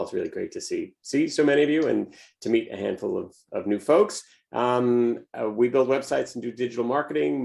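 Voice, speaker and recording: Low gravelly guy pitching his agency on a zoom call, lots of ums. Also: darkish tone. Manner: upbeat, many "um"s and "uh"s. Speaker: web agency owner. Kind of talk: self-introduction at a networking meeting. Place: video call.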